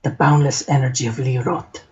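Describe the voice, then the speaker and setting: A man's voice: medium pitch, fairly even intonation, moderate pace, lightly acted. A man putting on a suave Spanish-accented announcer voice, reading in a hammy, dramatic way, on a dull lo-fi recording.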